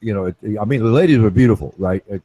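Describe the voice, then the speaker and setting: A show host with a low, mellow voice talks at a racing pace in casual chat, repeatedly circling back to his point. He restarts sentences and checks in with "right?", recorded in a dry, close space with no room sound.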